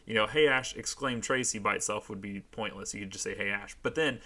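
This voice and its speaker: A young man mocking his own teenage writing in a comic read-through. His voice is on the low side yet bright and forward, the tone dry and self-deprecating. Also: steady tone, quick pace. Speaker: channel host.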